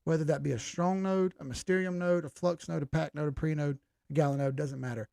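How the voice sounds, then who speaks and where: A man with a somewhat high, gravelly voice hosts a live stream and talks through charts in a loose, casual way. He is blunt and combative and speaks straight to his viewers. The sound is close and dry. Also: steady tone, a little fast, warm tone, dry recording. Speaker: crypto live-stream host.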